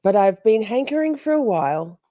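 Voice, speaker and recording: Animated woman telling a story. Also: a little high, fairly quick, no room sound. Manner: animated, chatty, greets viewers mid-story, acts out voices. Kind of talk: casual live-stream storytelling.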